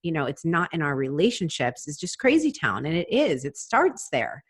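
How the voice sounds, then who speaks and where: A woman's voice: low-pitched, very animated, moderate pace, slightly rough. A woman hosting a podcast, enthusiastic and affirming in casual conversation. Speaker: podcast host.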